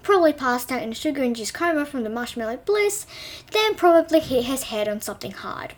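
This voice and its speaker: A young woman tells her own reimagined fairy tale in a playful, chatty way. Her voice sits a little high, and she often trips over a word and corrects herself before carrying on. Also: lively intonation, brisk. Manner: playful, with frequent self-corrections. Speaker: storyteller. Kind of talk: reading a self-written story aloud.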